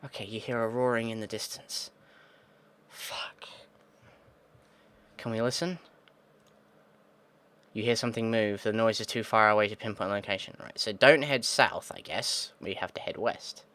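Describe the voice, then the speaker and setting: A man's voice: lowish voice, steady tone, moderate pace, fairly bright tone, clean tone. Swearing male gaming commentator. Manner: swears often, mutters frustrated asides; thinks aloud, reads text then reacts. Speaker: gaming video host. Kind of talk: let's play commentary, reading game text aloud.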